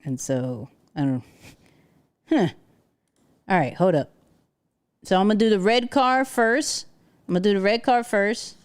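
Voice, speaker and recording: A woman's voice: medium pitch, a little slow, pauses often, smooth. A woman hosting a casual livestream from home, chatting with viewers and talking to her dog. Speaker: livestream host.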